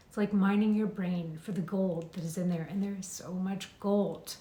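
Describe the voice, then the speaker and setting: A young adult woman giving a lively, conversational coaching talk, acting out inner thoughts as she goes. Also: mid-range voice, moderate pace. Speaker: mindset coach. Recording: roomy echo.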